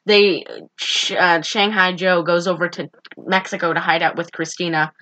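A woman co-hosting a casual movie review chat, exasperated and animated, acting out characters' lines as she recaps. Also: fairly low pitch, moderate pace. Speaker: podcast co-host.

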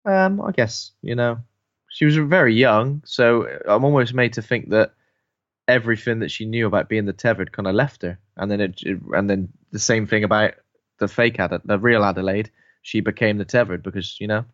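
A man with a fairly low voice talks through a film on a casual podcast, thinking aloud and tossing in jokes. The recording sounds dull and lo-fi, with a dry, close sound. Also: dry recording. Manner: musing, jokey, quick asides. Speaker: podcast co-host.

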